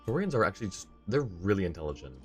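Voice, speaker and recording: A tired man casually commenting on a video game as he plays, laid-back and thinking out loud, with chuckling asides. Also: sits low, very animated, very fast, over music. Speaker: streamer.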